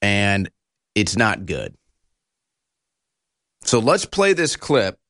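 A man's voice: mid-range voice, a bit bright, clear, resonant tone, no echo, studio quality. A man hosting a political commentary show, ranting in a combative, insulting and heated way.

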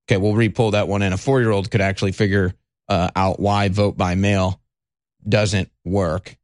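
A man's voice: low voice, little pitch movement, normal speed, no room sound, clean studio sound. A man hosting a talk show, giving rambling, conversational political commentary and speaking straight to his audience.

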